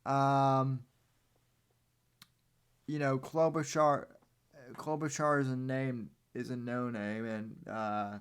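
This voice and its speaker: A man hosting a podcast, giving casual political commentary in a meandering, halting way with sarcastic asides. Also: mid-range voice, level tone, clear, resonant tone. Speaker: podcast host.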